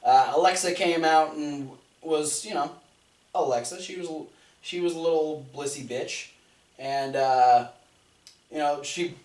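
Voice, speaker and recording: A man's voice: fairly high pitch, a little slow, a little mellow. A man co-hosting a podcast, casually recapping matches with plenty of restarts and fillers. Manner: rambling recap with frequent restarts. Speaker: podcast co-host. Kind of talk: casual wrestling recap chat. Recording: roomy, distant mic.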